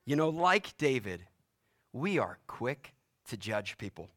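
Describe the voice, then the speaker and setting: A man's voice: medium pitch, sing-song, moderate pace, a bit bright. A man preaching a sermon, retelling a story dramatically and swinging his voice up and down for emphasis. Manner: dramatic storytelling, voice rising and dropping sharply for emphasis. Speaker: pastor.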